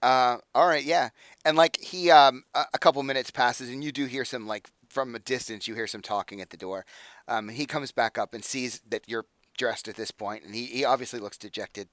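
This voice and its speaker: A young man narrating as game master, casual and halting with fillers. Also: medium pitch, a bit bright, dry recording.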